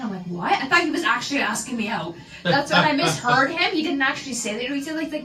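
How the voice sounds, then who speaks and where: A woman co-hosting a radio talk show, telling stories in an animated way and acting out the voices. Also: high voice, quick pace, echoey room, distant mic, poor audio. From Canada. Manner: animated storyteller, acts out quotes. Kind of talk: casual radio chat.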